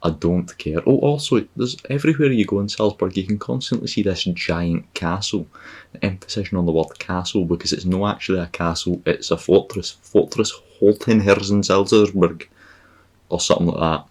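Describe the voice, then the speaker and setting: A man's voice: deep voice, a little fast. A Scottish man hosting a podcast, rambling through a comic, sarcastic and profane travel monologue. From Scotland. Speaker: podcast host.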